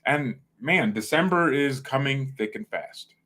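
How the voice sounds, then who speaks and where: A man's voice: mid-range voice, animated, measured pace, hardly any pauses, pushed and bright. A young man hosting a fan channel, rambling casually and using slang as he reacts to football results. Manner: rambling, slangy, jumps between topics.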